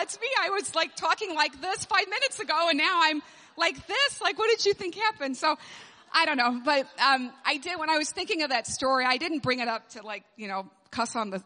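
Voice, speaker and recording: A woman with a bright, fairly high voice tells stories in an animated sermon and laughs often. She speaks into a stage microphone. A long reverb rings around her in the large hall. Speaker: speaker at a moms' gathering. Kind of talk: storytelling sermon.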